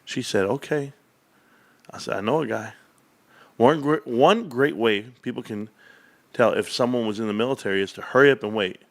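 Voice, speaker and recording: Speaking at a moderate pace with frequent pauses, this middle-aged stock market YouTuber has a medium-pitched voice. He rambles through a casual livestream, calling his viewers "bro."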